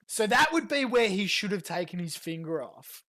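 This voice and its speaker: A woman's voice: medium pitch, big pitch swings, fairly bright tone. A woman streamer giving a profane, mocking reaction commentary to a clip. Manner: profane, fast mocking rants.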